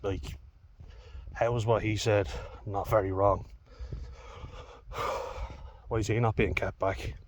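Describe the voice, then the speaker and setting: A man's voice: lowish voice, flat delivery, slow pace, pauses often, slight background noise. A young Irish man telling a personal story in a vlog, heated, candid and full of swearing. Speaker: vlogger.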